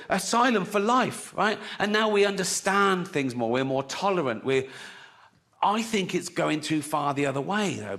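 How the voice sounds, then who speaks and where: A man performing a stand-up routine, deadpan storytelling with acted-out dialogue. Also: high-pitched. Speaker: stand-up comedian. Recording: reverberant venue, faint noise.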